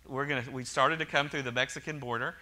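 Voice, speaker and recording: A bright, forward-voiced man from Oklahoma preaches to his congregation. He talks in an easy, conversational way, often restarting sentences and dropping in joking asides. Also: mid-range voice, steady tone, fast talker. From Oklahoma, USA. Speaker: pastor. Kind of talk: sermon.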